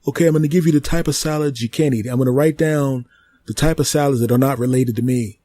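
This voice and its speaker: A man's voice: medium pitch, quick pace, warm tone, no echo, voice pushed up, close to an everyday voice. A man voicing a sly, scheming talking tree in a comedy sketch, smug and menacing. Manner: smug, wheedling, raised voice.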